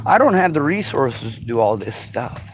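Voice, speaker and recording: Man, angry sarcastic rant, swearing, lively pitch, faint hiss behind. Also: normal speed. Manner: sarcastic, profane, mocking high voices. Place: vehicle.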